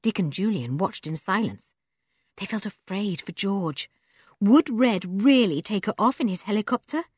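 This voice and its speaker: Casting: expressive audiobook narrator, woman, husky, low, dry studio sound. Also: normal speed, dry recording. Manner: expressive storytelling.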